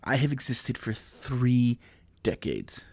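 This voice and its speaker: A man's voice: mid-range voice, very animated, slow, darkish tone, dry recording. A man in his thirties, a podcast host rambling through a profane comedic monologue and laughing at his own jokes. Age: 30s.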